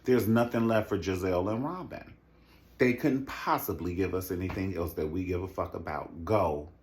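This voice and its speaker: Animated, sassy man ranting. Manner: animated, sassy, swings into mocking high impressions. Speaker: reality TV commentator. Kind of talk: profane recap rant.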